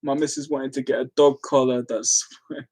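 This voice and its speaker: A woman's voice: rumbling low, steady tone, moderate pace, dark tone, breathy edge. An Irish woman chatting casually on a live stream, giggling and breaking into frequent fits of laughter.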